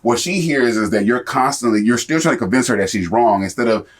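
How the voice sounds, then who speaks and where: A man in a casual conversation, talking quickly and reflecting out loud as he makes his point. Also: medium pitch, expressive.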